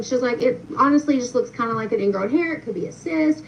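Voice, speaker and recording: A young woman with a fairly high voice, chatting away to her viewers with plenty of fillers. She sounds set back from the mic, muffled, with a faint hiss underneath. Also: brisk. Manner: chatty, many fillers, addresses viewers directly. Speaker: storyteller. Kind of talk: casual storytelling to viewers. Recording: distant, muffled with faint noise.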